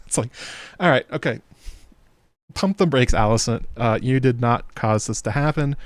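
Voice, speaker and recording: A man's voice: mid-range voice, dry recording. A man hosting a TV episode breakdown in casual commentary, chatty and sarcastic, laughing at the scenes. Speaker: host of a TV episode breakdown channel.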